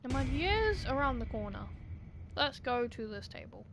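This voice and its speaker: A young woman chatting her way through a live gameplay stream, talking to herself and shouting at game characters in quick bursts. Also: sits high, sing-song, slight background noise.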